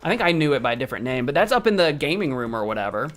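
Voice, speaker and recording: A man's voice: medium pitch, sing-song, very fast, fairly bright tone, faint music behind. A man streaming a video game, chatting casually, laughing often and thinking aloud as he reacts to what happens on screen. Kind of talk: casual let's-play commentary.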